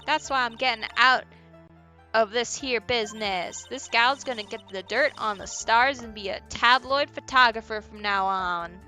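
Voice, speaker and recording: A woman voicing a brash young female tabloid photographer with a loud, folksy drawl. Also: fairly high pitch, moderate pace, faint music behind. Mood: boastful.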